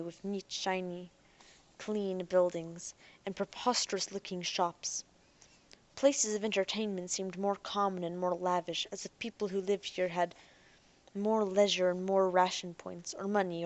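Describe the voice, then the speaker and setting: A woman narrating an audiobook in a soft, even storytelling voice that sinks almost to a whisper at times. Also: lowish voice, measured pace.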